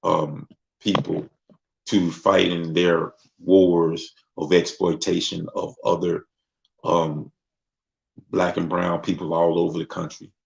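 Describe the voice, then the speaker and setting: A man hosting his own talk show, chatting casually and acting out other people's voices as he goes. His voice is low and heavily gravelly. It comes through a dull, lo-fi recording. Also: flat delivery, takes it slowly. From Mississippi. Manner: loose, conversational, acts out voices. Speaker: host. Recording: dull lo-fi sound.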